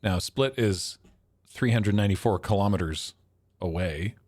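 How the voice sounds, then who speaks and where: Pitched fairly low and a little mellow, this man talks at a moderate pace. Streaming a geography guessing game, he thinks out loud, chuckles, and mocks his own guesses in relaxed livestream commentary.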